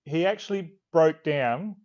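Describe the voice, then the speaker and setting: An Australian author talking casually in an interview, a relaxed, rambling storyteller who swears now and then. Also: male voice, a little high, unhurried, highs cut off. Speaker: author guest. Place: video call.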